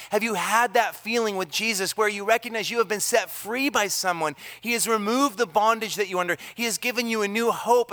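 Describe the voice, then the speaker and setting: A pastor preaches a sermon into a church microphone, handheld or on a stand, and his voice sits high. He is energetic and earnest, swinging from loud emphasis down to hushed lines that are almost whispered.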